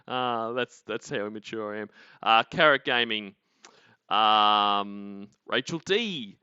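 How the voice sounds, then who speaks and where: An Australian man talks in loose, swearing, laugh-prone banter as a stream host. His voice is bright and forceful. The recording is dry and slightly muffled. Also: on the low side, lively intonation, slow, clear, resonant tone, dry recording. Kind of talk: casual commentary chat.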